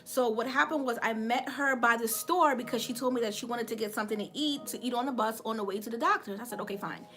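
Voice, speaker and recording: A woman's voice: fairly high pitch, fast talker, few pauses, bright, forceful tone. A woman, hosting a casual livestream, chatting with viewers and laughing often as she tells a story. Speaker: livestream host.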